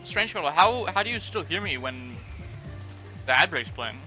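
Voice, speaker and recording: A man's voice: on the high side, very animated, measured pace, pushed and bright, faint music behind. A young man streaming from his room, chatting casually with his viewers, swearing offhand and talking to his pet. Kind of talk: casual live-stream chat. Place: home room. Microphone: desk microphone with noise gate.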